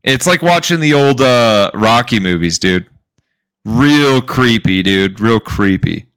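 A man co-hosting a casual podcast, telling stories in an animated way and saying "dude" and "bro" all the time. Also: mid-range voice, takes it slowly, clear, resonant tone, no echo, studio quality. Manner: animated storyteller, says "dude" and "bro" constantly. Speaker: podcast co-host. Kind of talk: casual chat.

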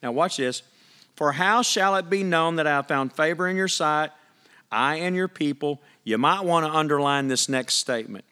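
A man preaching a sermon, his voice sitting a little above the usual male pitch. He talks to the congregation conversationally, reading scripture aloud and pressing his points with emphatic questions. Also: sharp tone, clean tone. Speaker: pastor.

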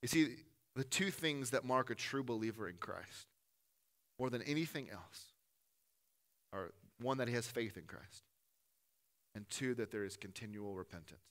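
A man preaching a sermon to a gathered congregation in a church room, earnest, rising to loud emphatic peaks and dropping to soft, low asides. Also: expressive, normal speed, long pauses. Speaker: pastor.

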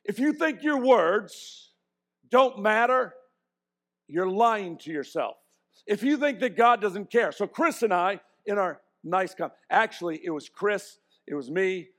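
Man preaching a lively sermon. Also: high-pitched, a little slow. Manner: animated, swinging from quiet asides to loud emphatic points; self-mocking humor, restarts and stammers. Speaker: pastor.

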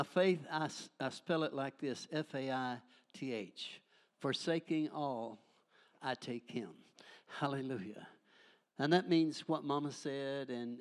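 An older man preaching with fervor, peppering every line with hallelujahs and amens. His delivery is folksy and humorous, swinging between loud praise and quieter ministering in an ordinary, middle-pitched voice. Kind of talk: charismatic sermon.

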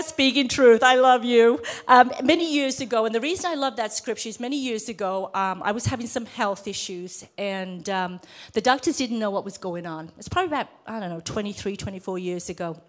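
A middle-aged woman preaching a sermon in a church room, lively and emphatic as she quotes scripture. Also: medium pitch. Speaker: lay preacher.

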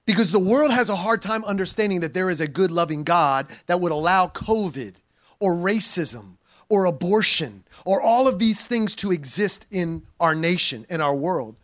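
A male pastor delivering a sermon in a high-pitched voice. He preaches in an animated, conversational way, reading scripture and dropping in playful slang asides.

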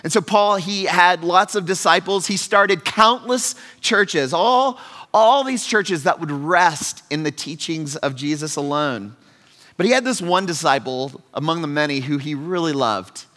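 Bright-voiced pastor in a reverberant hall. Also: male voice, a little high, unhurried. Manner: conversational, earnest, shifts between loud emphasis and soft asides. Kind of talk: sermon.

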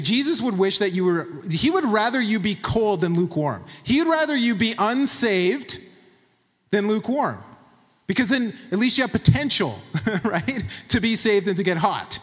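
A man preaching a sermon, reading scripture aloud and commenting on it with emphasis, sometimes dropping to a quiet, low voice. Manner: drops to a quiet, low voice for tender points. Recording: long hall reverb.

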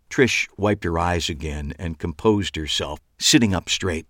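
A man with a deep, fairly bright voice reads a first-person novel aloud at a measured pace. He's an audiobook narrator, delivering this scripted narration with dry, wry storytelling. There's no echo.

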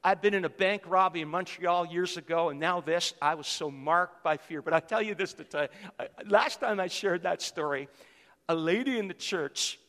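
Fervent preacher, man in his fifties, pitched high, repeats lines for emphasis, reverberant hall. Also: a bit bright. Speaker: pastor. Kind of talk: sermon.

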